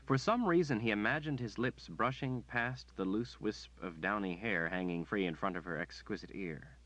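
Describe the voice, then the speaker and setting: A man narrating an audiobook in a measured storytelling manner. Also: on the low side, a bit bright, lo-fi sound. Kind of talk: scripted narration.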